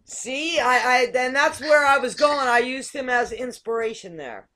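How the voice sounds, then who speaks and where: A woman's voice: high voice, lively intonation, unhurried, pushed and bright. An American woman hosting a casual video call chat, hesitant with many ums and frequent laughs. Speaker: show host.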